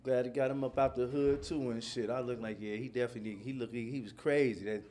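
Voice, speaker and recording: A male stand-up comedy host, loose and profane, slipping into animated voices for his bits. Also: medium pitch, quick pace.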